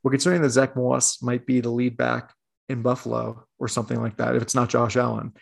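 A man's voice: medium pitch, little pitch movement, a little fast, gravelly. A man with a Long Island accent in a casual sports chat, laid-back and wry.

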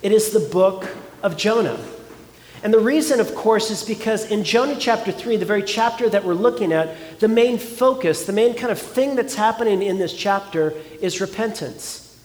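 High-voiced pastor preaching in a hall. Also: male voice, normal speed, darkish tone. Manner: earnest, conversational preaching with rhetorical questions. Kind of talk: sermon.

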